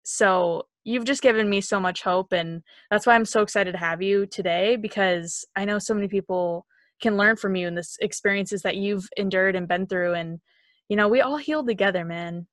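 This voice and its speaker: A woman's voice: medium pitch, normal speed, dry recording. A woman in her twenties hosting a casual podcast, talking in an effusive, enthusiastic way. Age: 20s. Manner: effusive, enthusiastic, gushing with praise. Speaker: podcast host.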